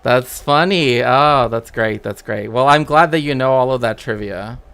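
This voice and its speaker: A man's voice: mid-range voice, normal speed, fairly bright tone, clear, resonant tone. A man hosting a casual stream, rambling through trivia with many fillers and restarts. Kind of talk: casual chat.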